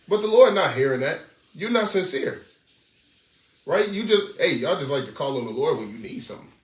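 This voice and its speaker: Animated preaching man, echoey and distant. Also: a little high, brisk. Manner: animated, preachy, slangy asides. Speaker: street preacher. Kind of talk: sermon commentary on scripture. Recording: echoey room from far off.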